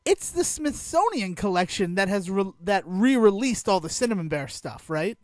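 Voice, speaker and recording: A man's voice: high voice, sing-song, normal speed, no echo, clean studio sound. A man co-hosting a podcast in casual chat, jokey, laughing often, with a playful mock outrage. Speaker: podcast co-host.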